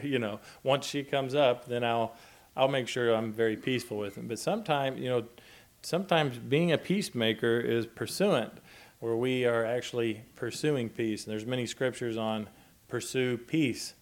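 A man preaching a sermon in a gentle, conversational way, chuckling often as he talks. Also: medium pitch, normal speed. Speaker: pastor.

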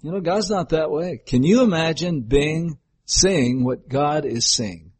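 A man's voice: on the high side, unhurried, breathy edge. An older man preaching a folksy sermon, telling homely stories and sometimes acting out voices. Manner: folksy, storytelling, breaks into acted voices.

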